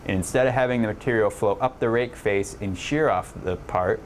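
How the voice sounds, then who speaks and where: Low-voiced man narrating an engineering lesson. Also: fairly quick, a little hiss or hum. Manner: explanatory, with occasional slips and fillers. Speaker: lecturer. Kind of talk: narrated online lab lecture.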